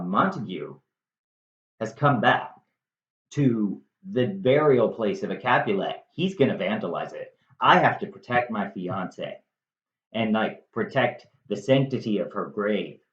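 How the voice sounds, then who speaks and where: A man's voice: fairly low pitch, expressive, slow pace. A man voicing an indignant, protective young nobleman, speaking earnestly. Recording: roomy, slightly dull recording.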